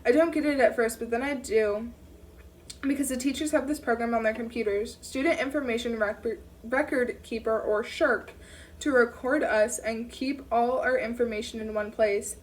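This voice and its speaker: Woman reading an audiobook out loud, steady, sometimes fixes a slip, bit highish, mic kinda far. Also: normal speed. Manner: steady reading with occasional self-corrections. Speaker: audiobook reader. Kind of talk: first-person audiobook narration.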